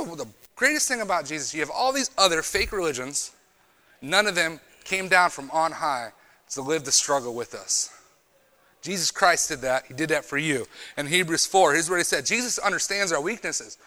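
A man giving a youth sermon, preaching emphatically and moving between loud bursts and quiet storytelling. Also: fairly high pitch. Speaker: retreat speaker.

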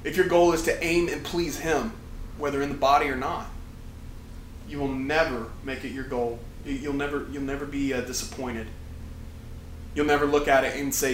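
A man's voice: mid-range voice, level tone, moderate pace, slight background noise. A young man preaching a casual sermon to a campus ministry, often restarting and correcting himself. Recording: echoey room with faint ambience.

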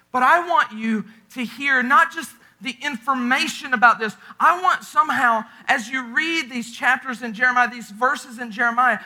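High, bright-voiced male preacher. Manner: impassioned preaching with dramatic drops to a hush. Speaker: pastor. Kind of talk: sermon.

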